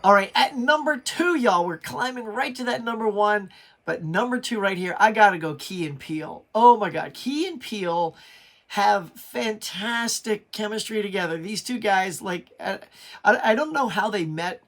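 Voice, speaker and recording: A man's voice: high voice, expressive, normal speed, fairly bright tone. A middle-aged man hosting his pop culture channel, talking in a chatty, enthusiastic way with frequent restarts. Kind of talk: casual video review.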